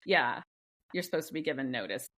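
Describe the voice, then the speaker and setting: A woman's voice: very deep voice, animated, fairly quick, fairly bright tone. A woman co-hosting a podcast, a nurse, explaining procedures in a matter-of-fact, casual way. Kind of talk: casual chat.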